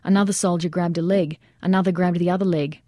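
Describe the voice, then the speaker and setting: A woman narrating an audiobook in a measured, steady reading style. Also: lowish voice, no room sound, studio quality.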